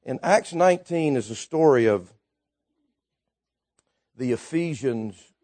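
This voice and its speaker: A man preaching a Baptist sermon, building fervently to shouts and dropping low again, with chuckles between points. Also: animated, measured pace. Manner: fervent, rises to shouting then drops low.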